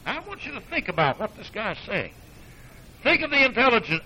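A man preaching a sermon as a Baptist preacher, emphatic, swinging from loud declarations to low asides, with folksy, sarcastic storytelling. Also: big pitch swings, normal speed, husky, dull audio.

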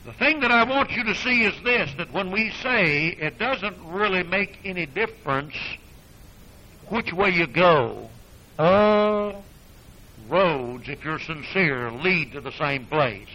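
A man preaching a sermon as a Baptist preacher, emphatic, swinging from loud declarations to low asides, with folksy, sarcastic storytelling. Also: animated, slow, rough recording.

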